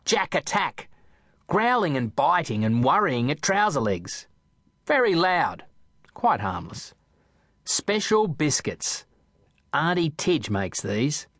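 A man narrating a children's audiobook in a playful, expressive storytelling manner. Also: fairly high pitch, slow, no room sound, clean studio sound.

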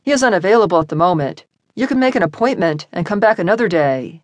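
A woman's voice: lowish voice, animated, fast talker, dry recording, natural voice. A polite male executive assistant, businesslike and formal in his words, as a woman narrator puts him on. Read for an audiobook in a dry, close booth.

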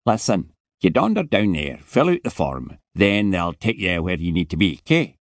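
A man voicing a squat, grumpy male security guard with a heavy Scottish accent, speaking gruffly and impatiently. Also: low-pitched, big pitch swings, moderate pace, no room sound, clean studio sound, voice pushed up. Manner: gruff, impatient, broad dialect.

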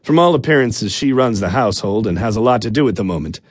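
In a close, dry studio recording with no room tone or echo, a man narrates a comic first-person audiobook. His delivery is wry and sardonic, fast and slightly rough, with pitch that rises and falls in lively animation.

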